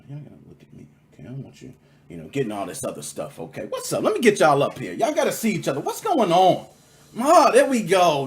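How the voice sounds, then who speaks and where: A man's voice: fairly high pitch, breathy edge. A man hosting a live-streamed gaming podcast, hyped and slangy, talking straight to his chat.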